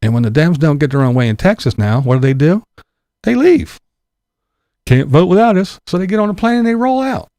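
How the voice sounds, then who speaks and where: A man's voice: a little high, expressive, fast, few pauses, warm tone, no room sound. A man giving an angry, profane political rant as a vlogger, sarcastic and full of mocking mimicry.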